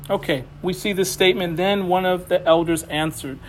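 A man's voice: high-pitched, steady tone, normal speed, hardly any pauses, slight background noise. A man pastoring a church, preaching a sermon in a folksy, talkative way full of "you know"s. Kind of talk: conversational sermon. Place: church building.

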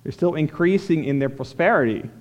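A man's voice: a little high, lively intonation, fairly quick, muffled recording. Man preaching in a reverberant hall. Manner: expository, explains verse by verse with restarts. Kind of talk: sermon.

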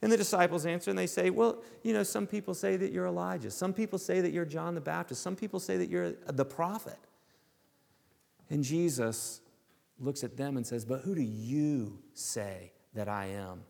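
Gravelly-voiced preacher in a hall. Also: male voice, high-pitched. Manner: emphatic, slows down and drops to a hush on key words. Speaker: pastor. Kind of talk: sermon. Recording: long hall reverb.

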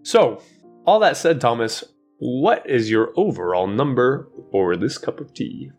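Animated joking man co-hosting a podcast. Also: medium pitch, unhurried, slightly rough, faint music behind. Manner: animated, joking, lots of restarts and fillers. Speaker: podcast co-host. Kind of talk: casual chat.

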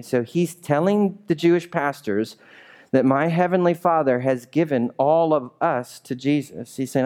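Conversational, animated male pastor preaching. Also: mid-range voice, a little slow. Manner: conversational, animated, asks the congregation questions. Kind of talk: sermon. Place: church.

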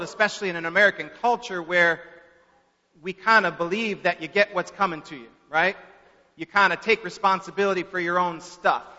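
A male preacher giving a sermon through stories, slow and deliberate with long pauses. His voice is bright and forceful and sits fairly high. It echoes around a large hall on a dull, lo-fi recording. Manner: slow, with long pauses and shifts from soft to loud. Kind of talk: sermon with dramatic storytelling.

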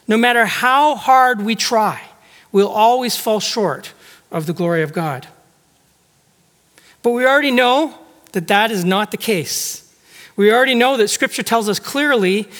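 A man with a high voice delivers a sermon, talking to his congregation in a conversational way and often asking them rhetorical questions. His voice rings out with a long hall reverb around it, as if he were in a large church. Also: a bit bright. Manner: acts out quoted speech with shifting tone. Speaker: preacher.

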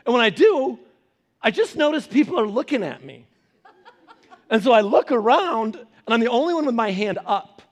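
A male pastor with a high voice delivers a sermon through lively family anecdotes. He laughs in between and acts out the people in his stories. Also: moderate pace, lo-fi sound. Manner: animated storytelling, laughing asides.

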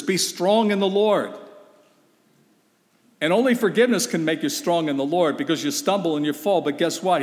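A man preaching a sermon, emphatic and urgent, putting rhetorical questions to his listeners. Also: fairly high pitch. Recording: long reverb of a hall.

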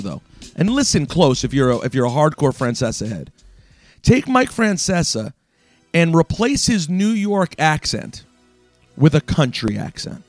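A man with a slightly high voice hosts sports talk radio, ranting emphatically and speaking straight to his audience. Faint music sits behind him. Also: no room sound. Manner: emphatic, ranting, addresses listeners directly. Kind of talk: opinionated talk radio monologue.

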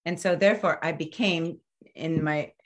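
A woman in her fifties hosting a casual podcast conversation, reflective and animated, often trailing off and restarting. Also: low voice, normal speed.

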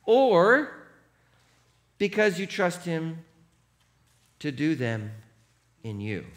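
A middle-aged male pastor giving an animated, jokey sermon, laughing at himself and having the congregation read along aloud. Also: fairly high pitch, slow pace.

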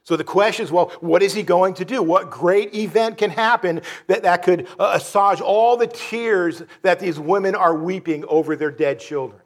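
A man preaching a sermon in an earnest, halting way, with many restarts and fillers. He drops low and soft on sorrowful phrases. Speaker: pastor.

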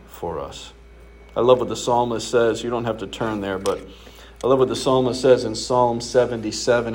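A man's voice: medium pitch, a little mellow, a little hiss or hum. A man preaching a sermon as pastor, conversational and emphatic, posing rhetorical questions to his congregation.

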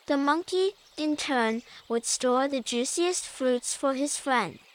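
A woman reading a children's story for a podcast, taking it slowly and gently. Her voice sits high, and every line is measured and clear for young listeners.

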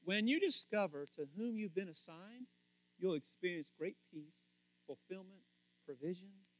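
A man preaching a lively sermon, swinging from hushed asides to loud excited bursts and laughing often. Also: high-pitched, normal speed. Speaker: pastor.

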